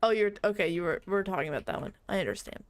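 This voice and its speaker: Rapid-fire and fairly low-pitched, this young woman streamer gives casual gameplay commentary on a dry recording. She reads on-screen text out loud and bursts into shrieks of laughter as she plays.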